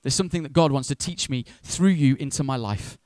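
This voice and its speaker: A man's voice: mid-range voice, a little fast, darkish tone, no room sound, studio quality. A man preaching a sermon in a conversational way, acting out voices of churchgoers with humor.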